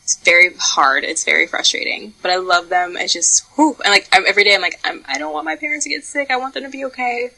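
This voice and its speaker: A woman's voice: mid-range voice, fast talker, vocal fry, hardly any pauses, poor audio. A young woman co-hosting a podcast, chatting candidly with lots of swearing and playful storytelling. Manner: candid, profane, lively storytelling with laughs. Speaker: podcast co-host. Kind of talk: casual podcast chat.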